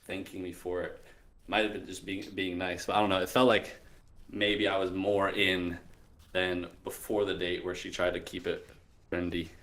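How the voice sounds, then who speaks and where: A medical student calling in, talking hesitantly and unsure about a date. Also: male voice, low-pitched, little pitch movement, moderate pace, a bit bright. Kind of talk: casual call-in chat.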